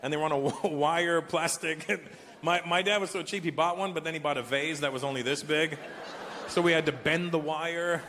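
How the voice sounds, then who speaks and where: A man in his forties performing a stand-up comedy set, telling stories animatedly with profanity and loud punchlines. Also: on the high side, fairly even intonation, normal speed. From Canada. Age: 40s. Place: large live venue. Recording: echoey hall with live crowd ambience.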